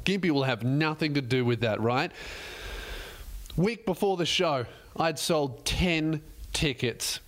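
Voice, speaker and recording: A man's voice: on the high side, a bit bright. A man in his twenties with an Australian accent, a comedian and podcast host telling a profane, self-mocking story as a casual monologue.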